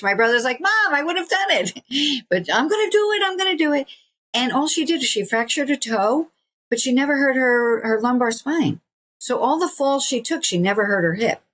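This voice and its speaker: 60s woman guest on a podcast, chatty and animated, laughs a lot, middle-pitched voice. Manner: animated, acts out quoted voices, laughs often. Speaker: guest, stretching teacher. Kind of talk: casual interview storytelling.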